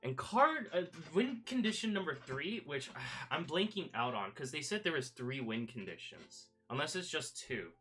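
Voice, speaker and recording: A man's voice: on the high side, very animated, normal speed, a bit bright. A man streaming casual chat, rambling through a story with many fillers and restarts. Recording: faint background music.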